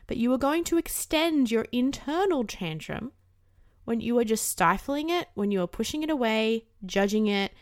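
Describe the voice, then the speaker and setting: A woman's voice: fairly high pitch, animated, normal speed, dry recording. Candid, swearing young woman, dry close sound. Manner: candid, swears casually, acts out inner voices. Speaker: self-help vlogger. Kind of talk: casual advice talk to camera.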